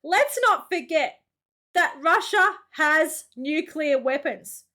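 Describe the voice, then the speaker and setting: Bright high-voiced Australian woman. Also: animated, slow. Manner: chatty and exclamatory, slangy, laughs often. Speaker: reaction video host. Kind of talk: casual reaction commentary.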